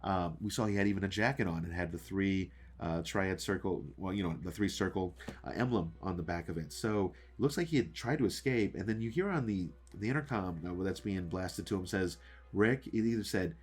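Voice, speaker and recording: A man with a deep, low voice rants casually to his viewers about a show. He rambles, stumbles over restarts and fills gaps with "uh" and "um". He keeps throwing questions straight at the audience. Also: fairly quick, husky. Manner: rambling, with many fillers and restarts; talks to viewers directly, asking questions. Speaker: show reviewer and channel host. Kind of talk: casual ranting episode review.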